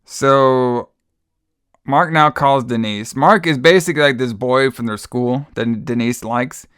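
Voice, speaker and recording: A man's voice: medium pitch, measured pace, fairly bright tone, smooth, dry recording, clean studio sound. A man co-hosting a podcast, recapping a film in casual, exasperated, profane chat with frequent sighs. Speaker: podcast co-host.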